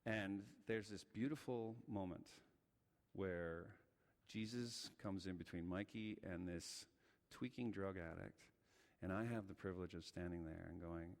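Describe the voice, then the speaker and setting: A man preaching a sermon, telling a story with lively acted-out quotes. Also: sits low. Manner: animated, acts out the voices in his story. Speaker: guest speaker. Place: church sanctuary. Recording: church hall reverb.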